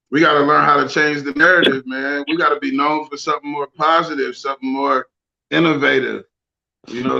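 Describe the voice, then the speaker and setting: Male podcast host, slightly high, gravelly; emphatic and profane, dull lo-fi recording. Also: sharp tone. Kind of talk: casual podcast chat. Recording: dull lo-fi sound.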